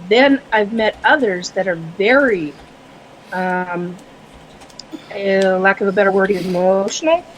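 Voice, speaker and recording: A woman speaking as a guest on a podcast panel, hesitant, with many fillers and frequent throat clearing. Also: mid-range voice, slow, a little hiss or hum, poor audio. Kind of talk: casual podcast panel chat.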